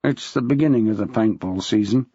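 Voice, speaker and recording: Man voicing a dry police detective, measured, dull dry recording. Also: fairly low pitch, mellow, husky, no room sound, pitched below the performer's own voice.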